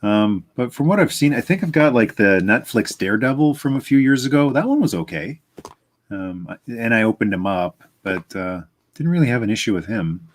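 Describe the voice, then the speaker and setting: Jokey male stream guest, lively pitch, laughs a lot, on a webcam call. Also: normal speed. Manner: laughs often, jokey and animated. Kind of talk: casual live stream chat.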